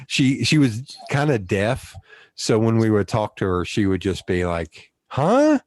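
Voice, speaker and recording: Southern man hosting a casual chat. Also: lowish voice. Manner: rambling storyteller, quick asides. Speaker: podcast host. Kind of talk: casual conversational interview.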